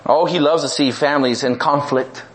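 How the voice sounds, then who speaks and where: A middle-aged man pastor preaching a humorous, animated sermon, repeating himself and dropping low and slow for emphasis.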